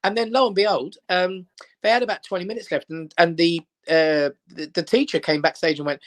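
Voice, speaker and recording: A man's voice: fairly high pitch, a little fast. A middle-aged man, a comedian telling stories in casual chat and acting out the people in them. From England. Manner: animated anecdotes, acts out quoted voices. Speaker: comedian guest.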